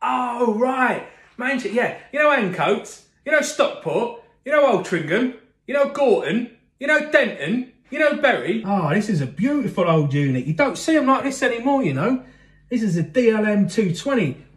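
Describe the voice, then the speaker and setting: Man playing an overfamiliar, rambling workman, pitched up high and bouncy. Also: big pitch swings, normal speed, a bit bright, echoey room, exaggerated voice. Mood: nattering. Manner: rambling, overfamiliar, keeps asking questions. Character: nosy, boorish middle-aged male repair engineer. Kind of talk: sketch comedy acting.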